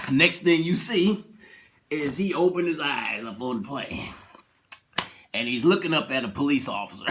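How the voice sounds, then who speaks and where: A man casually retelling a TV episode, animated, acting out scenes and laughing. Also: fairly high pitch, slight background noise.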